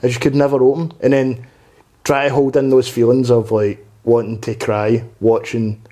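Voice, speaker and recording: A young man in his twenties speaks as a podcast guest, open and earnest. His voice is dark and mellow, at a middle pitch. He rambles, restarts his thoughts and swears freely in casual chat. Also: flat delivery, normal speed. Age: 20s. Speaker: podcast guest, stand-up comedian. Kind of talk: candid conversational interview.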